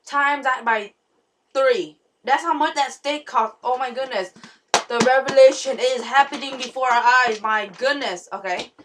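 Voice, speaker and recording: A woman's voice: high-pitched, moderate pace, a bit bright, slight background noise. A young woman vlogger rambling through a dream story, full of fillers and restarts. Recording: voice somewhat far from the mic.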